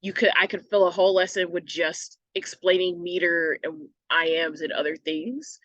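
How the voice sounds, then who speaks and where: A woman's voice: on the low side, steady tone, moderate pace, a bit bright, no room sound, highs cut off. Woman teacher explaining a lesson. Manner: explanatory, patient, with fillers and "right?" checks. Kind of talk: recorded online lesson.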